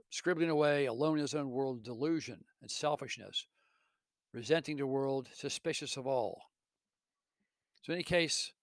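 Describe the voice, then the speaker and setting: A man's voice: on the high side, dry recording. A man earnestly retelling a classic story with commentary and the odd self-correction, like a literature teacher.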